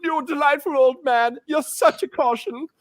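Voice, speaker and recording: A man putting on a shrill, over-the-top fawning voice in sarcastic mock flattery. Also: normal speed, no room sound. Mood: mock gushing.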